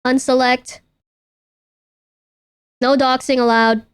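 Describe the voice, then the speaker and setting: A woman's voice: sits high, level tone, slow pace, smooth. A young woman streaming casually to her chat, talking through photos in a playful, self-interrupting way and swearing freely. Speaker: VTuber streamer.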